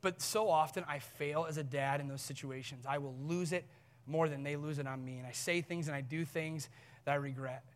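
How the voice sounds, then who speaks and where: A man's voice: a little high, fairly even intonation, fairly quick, slight background noise. Earnest male pastor in a reverberant church hall. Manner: earnest storytelling, laughs at himself. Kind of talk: sermon with personal story.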